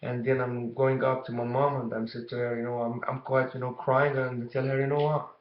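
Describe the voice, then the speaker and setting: A young man tells a childhood story casually to camera, rambling and halting with lots of "you know". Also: medium pitch, monotone. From Egypt. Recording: dull, echoey room recording.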